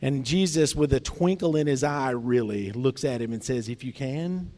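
A man's voice: mid-range voice, steady tone, moderate pace, mellow. A man preaching a conversational sermon, acting out the lines he quotes with feeling. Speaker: pastor. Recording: long hall reverb.

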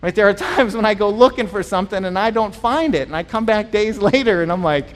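A pastor with a fairly high voice for a man preaches a little fast in a relaxed, conversational, animated way, acting out voices in his stories. He often repeats words when starting phrases, and the recording carries the long reverb of a large hall.

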